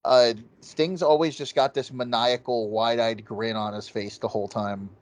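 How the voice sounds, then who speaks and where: A man's voice: mid-range voice, normal speed, no room sound. A man co-hosting a laid-back movie review, swearing freely and getting worked up over the goofy scenes. His voice sits in an ordinary middle range and sounds close and dry, with almost no room in it. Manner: excited, profane, quotes scenes in goofy voices. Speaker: podcast co-host. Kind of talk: casual movie review chat.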